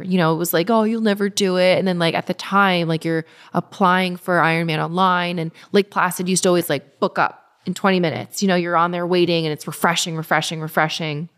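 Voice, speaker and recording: Animated chatty woman full of "like"s. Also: on the low side. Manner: animated, restarts often, many filler "like"s. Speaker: guest. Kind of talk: casual conversational storytelling.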